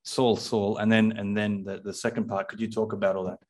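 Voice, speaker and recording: A man's voice: lowish voice, little pitch movement, brisk, a little mellow. Eager, hesitant man hosting a faith chat. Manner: hesitant, many fillers and restarts, enthusiastic. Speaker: host. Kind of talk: casual faith podcast chat.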